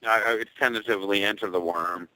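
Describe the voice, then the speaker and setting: A man's voice: on the low side, fairly even intonation, fairly quick, bright, forceful tone, no room sound, low-quality recording. A man guest on a podcast, a musician talking about his band in a laid-back way. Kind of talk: casual chat.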